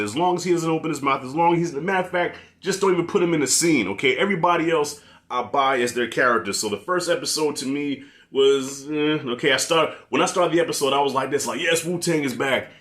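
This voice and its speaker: A man giving a blunt, profane, animated review of a TV series in a casual rant. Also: a little high. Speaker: TV show reviewer.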